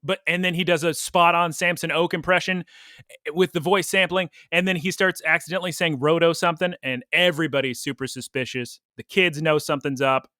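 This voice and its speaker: A man's voice: on the high side, steady tone, a little fast, sharp tone, no echo, studio quality. A man co-hosting a podcast, recapping a cartoon episode in casual, opinionated chat and laughing often. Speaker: podcast co-host.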